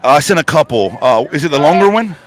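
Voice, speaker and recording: A man's voice: on the high side, lively intonation, fast talker. A man reporting live from a protest site in an urgent, emphatic and blunt way, swearing freely. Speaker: on-the-ground reporter. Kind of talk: live remote interview.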